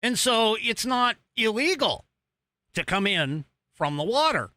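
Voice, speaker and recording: An American man hosts a political podcast and rambles over video clips he plays, stopping often for fillers and restarts. His voice is bright and sits a little high for a man. He talks slowly, and the recording is dry and close. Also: big pitch swings, dry recording. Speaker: podcast host. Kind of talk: casual political commentary.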